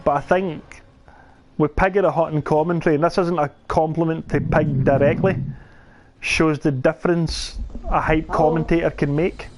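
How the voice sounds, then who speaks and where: Brief: young man, slightly high voice, casual gaming podcast co-host, lively storyteller. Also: moderate pace, background noise. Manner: animated storyteller, laughs mid-sentence, says "aye".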